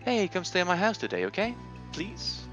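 A man voicing an eager young village boy, speaking high and excited. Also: normal speed, muffled recording, faint music behind, exaggerated voice. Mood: pleading.

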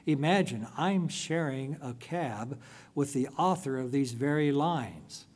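An earnest young churchgoing woman, as a male preacher puts her on, speaks gently and persuasively. The voice sits at a middling pitch and moves slowly, softly pleading and encouraging as a sermon story unfolds. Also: lively intonation. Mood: wondering.

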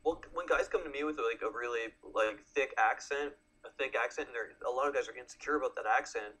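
A man hosting a relaxed interview, giving short agreeing replies and asking straightforward questions. His voice has a bright, forward edge and sits at a middle pitch for a man. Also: fairly quick, poor audio. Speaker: interview host. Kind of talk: casual interview talk.

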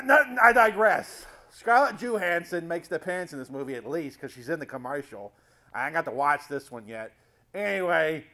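A man's voice: on the high side, sharp tone. A man playing a clueless, sleazy movie-review show host who rambles and keeps losing his train of thought in a comedy sketch.

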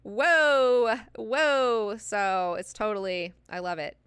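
A woman hosting a book club, talking through a novel in an excitable, chatty way with plenty of swearing. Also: mid-range voice, slow, clean tone, no echo. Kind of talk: casual book discussion.

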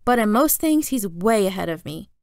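Gravelly woman reading a novel aloud. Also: mid-range voice, big pitch swings, moderate pace, a little mellow, dry recording, studio quality. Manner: casual first-person storytelling. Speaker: reader.

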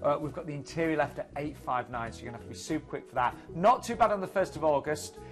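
Upbeat man giving a sales pitch. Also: lively intonation, faint music behind. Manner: brisk, upbeat sales talk. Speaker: cruise show co-presenter.

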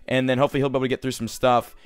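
A young man giving casual, excitable commentary over his own gameplay, swearing and growing frustrated as things go wrong. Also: medium pitch, rapid-fire, clear, resonant tone, no room sound. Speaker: gaming commentator.

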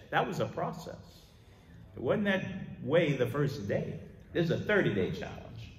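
A man pastor preaching a sermon, moving between loud emphatic declarations and quiet asides. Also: on the high side, big pitch swings, normal speed, recorded from a distance. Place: church sanctuary. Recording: echoey church hall.

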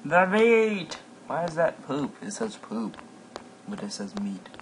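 A man casually commentating a game as he plays, excitable and quick to yelp and exclaim at what happens. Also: a little high, gravelly. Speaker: gameplay commentator. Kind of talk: casual let's-play commentary. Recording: noisy home mic recording.

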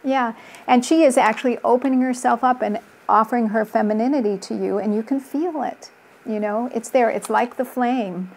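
A woman's voice: a little high, normal speed, darkish tone. A middle-aged woman speaking as a relationship coach in an interview, earnest and telling stories from her practice. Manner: earnest, storytelling with quoted voices. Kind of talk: conversational interview.

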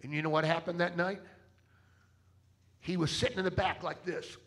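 During a church service, a travelling preacher with a high, gravelly voice tells dramatic stories and keeps calling out to the crowd for an answer. His sermon includes a fundraising appeal. His tone stays steady and a bit bright at a moderate pace.

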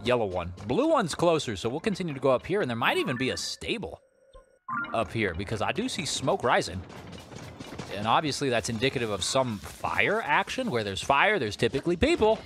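Animated man narrating his gameplay. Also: mid-range voice, a little fast. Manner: chatty, animated, joking asides. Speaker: let's play host. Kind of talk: video game commentary. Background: game music.

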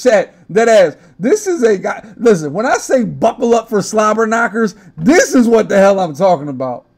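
A man's voice: high voice, big pitch swings, moderate pace, vocal fry, few pauses, a little mellow. A young man hosting a casual gaming podcast, talking brash, profane trash talk. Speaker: podcast host.

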